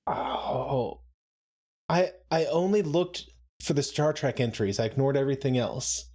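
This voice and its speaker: A man's voice: mid-range voice, lively intonation, measured pace, dark tone. A man co-hosting a live watch-along, chatting casually, laughing often and making playful asides. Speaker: co-host of a show watch-along.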